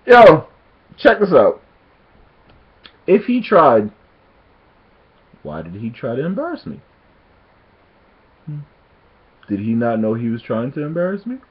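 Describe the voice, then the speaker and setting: A man's voice: mid-range voice, measured pace, long pauses, husky, highs cut off. A man telling a casual story to his camera, laughing often and acting out what people said. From Jamaican heritage. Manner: animated storytelling, laughs often, acts out quotes.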